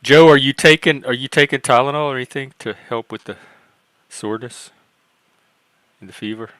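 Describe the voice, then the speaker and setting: An American man hosting a casual live-stream chat on a video call, calmly reporting and chatting. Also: mid-range voice, moderate pace, no room sound. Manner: calm, plainly reports results.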